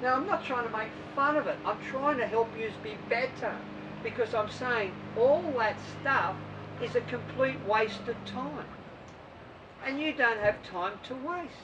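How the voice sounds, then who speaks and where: A woman's voice: on the high side, a little slow, recorded from a distance. Woman swim coach, blunt and outspoken, talking to a squad; recorded off-mic, faint road noise. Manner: blunt, emphatic, mocks other coaches' methods. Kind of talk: informal coaching talk to athletes.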